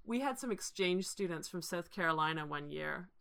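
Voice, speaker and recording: Woman telling a lively story. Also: fairly low pitch, moderate pace, creaky, clear, resonant tone. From Canada. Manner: animated storytelling with frequent laughs and restarts. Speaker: podcast co-host. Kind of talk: casual film discussion.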